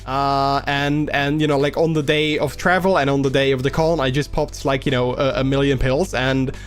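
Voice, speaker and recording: A young man hosting a casual livestream, rambling and halting with many restarts while a little under the weather. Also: medium pitch, fairly even intonation, smooth, faint music behind. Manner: acts out quoted people in a raised voice. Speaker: livestream host.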